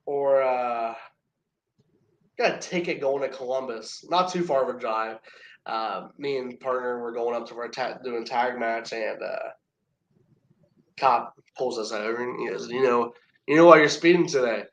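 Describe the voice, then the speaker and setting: A man's voice: mid-range voice, steady tone, measured pace, lo-fi sound. A man, a professional wrestler, telling rambling stories as a guest in casual chat, laughing between them and restarting his sentences often.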